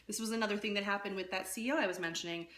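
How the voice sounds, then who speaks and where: A woman coaching public speaking in a casual live-streamed talk, lively and conversational, often checking in with "right?". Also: mid-range voice, rapid-fire, reverberant. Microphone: phone.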